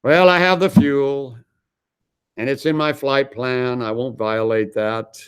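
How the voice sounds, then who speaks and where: A man voicing a veteran male Arctic pilot who speaks in a calm, matter-of-fact way. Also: mid-range voice, slow, clean tone, natural voice. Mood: firm.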